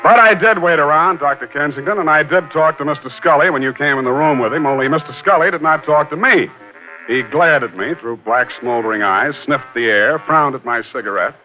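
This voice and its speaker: A man's voice: fairly high pitch, brisk, close to an everyday voice. An actor playing a cynical male private detective, narrating in first person with dry, sardonic wit in 1940s radio acting. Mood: wry. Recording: muffled 1940s radio broadcast with music.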